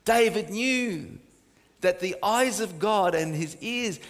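A man delivers a sermon in a somewhat high voice that carries a long reverb tail through a large hall. He swings between emphatic, raised preaching and soft, hushed lines close to a whisper. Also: sing-song, normal speed. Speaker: pastor.

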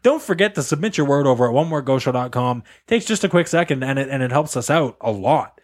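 Husky, lively-voiced man hosting a podcast. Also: mid-range voice, quick pace. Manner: giggly and playful, laughs often. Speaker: podcast host. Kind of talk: casual comedy podcast chat.

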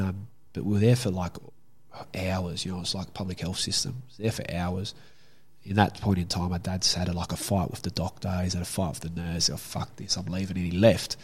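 A young Australian man appears as a guest, telling a story from his own life casually and candidly, swearing freely. His voice sits low and is husky.

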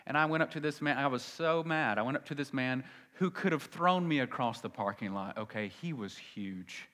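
Male pastor, sermon delivery, bright forceful tone, swings from loud to hushed, long hall reverb. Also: mid-range voice, moderate pace. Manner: conversational, shifting between loud emphasis and quiet asides.

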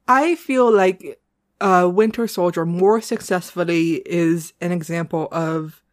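A woman with a New England accent co-hosting a casual podcast, wry and relaxed as she introduces the episode. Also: fairly low pitch, takes it slowly. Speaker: podcast co-host.

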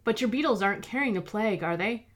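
A woman's voice: medium pitch, expressive, fast, lightly acted. A woman voicing a defiant, determined young heroine who speaks firmly.

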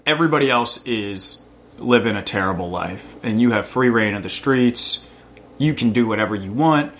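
Animated, jokey man in casual chat. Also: fairly low pitch, moderate pace. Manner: animated, jokey, acts out characters in funny voices. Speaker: podcast co-host. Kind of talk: casual chat recapping a TV show.

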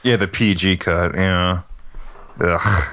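Deep-voiced man, wry podcast co-host. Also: steady tone, slow pace, a bit bright, dry recording, dull audio. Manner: wry, joking asides. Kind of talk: casual podcast chat.

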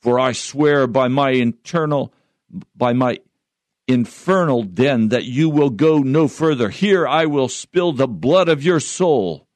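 A man's voice: medium pitch, takes it slowly, no echo, voice pushed up, lightly acted. A man voicing a raging male demon who shrieks threats and hatred while reading a storybook aloud. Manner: shrieking, hideous rage.

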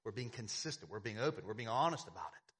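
A man's voice: fairly low pitch, sing-song, quick pace, a bit bright, slightly rough. A man preaching a sermon as pastor, emphatic, with repeated phrases and rhetorical questions to the congregation.

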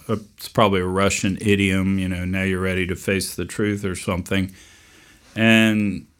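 Low-voiced man telling a wry story. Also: smooth. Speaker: podcast host. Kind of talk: storytelling monologue.

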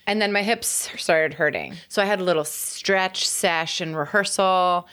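A woman's voice: fairly low pitch, a little slow, a bit bright. A woman co-hosting a comedy podcast, chatting casually in an upbeat, bubbly way and laughing often. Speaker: co-host. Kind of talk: casual chat.

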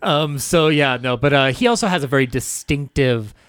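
A man's voice: mid-range voice, normal speed, fairly bright tone, clean tone, no echo. Chatty man with a dry close sound. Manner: jokey, laughs often, throws in silly impressions. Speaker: podcast co-host. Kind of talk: casual film-history chat.

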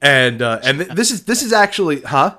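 A man's voice: a little high, sing-song, a little fast, bright, forceful tone. Rambling, profane male podcast co-host. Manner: rambling, profane, many restarts. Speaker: podcast co-host reviewing a film. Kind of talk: casual chat.

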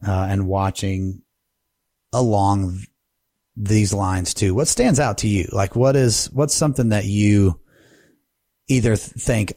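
Low-voiced relaxed man on a podcast. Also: slow, long pauses, no room sound, clean studio sound. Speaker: podcast co-host. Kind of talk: casual podcast conversation.

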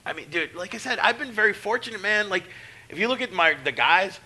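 Animated, profane wrestler from Brooklyn. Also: male voice, high voice, a little fast, rough recording. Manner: profane, animated, acts out quoted voices. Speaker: pro wrestler guest. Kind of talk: casual podcast storytelling.

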